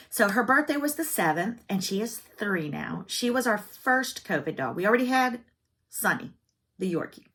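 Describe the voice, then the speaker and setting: A woman's voice: mid-range voice, a bit bright. A middle-aged woman with a Southern US accent, chatting casually to camera about her hobby, with wry joking asides. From United States. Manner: chatty, wry asides and self-teasing jokes. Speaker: cross-stitch vlogger.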